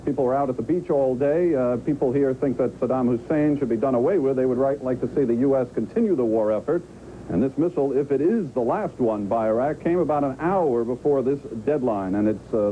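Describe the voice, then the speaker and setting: A man's voice: mid-range voice, fairly quick. A man reporting live from abroad in a plain, factual way with some hesitations. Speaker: news correspondent. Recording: tinny phone-like feed with faint hiss.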